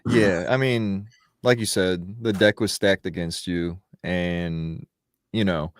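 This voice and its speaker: A man chatting casually on a podcast, answering in a laid-back, measured way. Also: low-pitched, fairly even intonation, a little hiss or hum.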